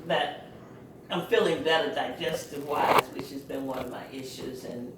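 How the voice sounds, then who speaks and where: A woman's voice: extremely low pitch, moderate pace. A woman guest at a home meeting giving a hesitant, matter-of-fact product testimony. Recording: echoey room, far from mic, loud noise.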